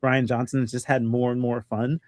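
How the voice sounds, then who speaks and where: A man's voice: mid-range voice, flat delivery, fairly quick, dry recording, clean studio sound. A man hosting a casual film podcast, hesitant and full of ums and restarts as he steers the talk. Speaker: podcast host.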